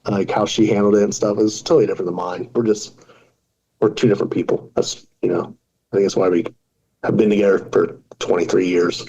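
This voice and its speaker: A man's voice: lowish voice, fairly even intonation, fairly quick, dark tone, breathy edge, highs cut off. A man in his forties, a podcast guest, talking casually and telling self-deprecating jokes. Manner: joking, self-deprecating storyteller. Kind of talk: casual interview talk.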